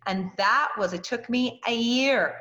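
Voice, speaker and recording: A woman's voice: fairly high pitch, unhurried, fairly bright tone. A woman, a guest in an interview, telling a personal story earnestly and acting out the voices of the people she quotes. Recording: dull lo-fi recording.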